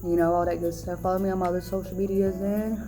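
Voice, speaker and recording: A young adult woman vlogger telling a storytime in an animated, indignant way. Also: lowish voice, fast, faint music behind. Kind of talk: storytime vlog.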